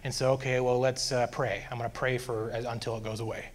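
A man's voice: medium pitch, fast. Earnest man telling his faith story. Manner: earnest, animated when retelling frustration. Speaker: guest sharing testimony. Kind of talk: personal faith testimony.

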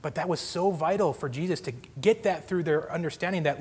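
Man, faith-talk co-host; husky, slightly raised voice, earnest and explanatory, with a long reverb on the recording. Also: a little high, fairly quick, darkish tone. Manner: earnest, explanatory, casual fillers. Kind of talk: faith talk, Bible teaching.

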